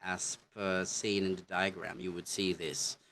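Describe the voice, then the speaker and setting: A man teaching an English lesson from slides, explaining slowly and often pausing on "okay, so". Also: deep voice, little pitch movement, a bit bright, slight background noise. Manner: slow, halting explanations with many "okay, so".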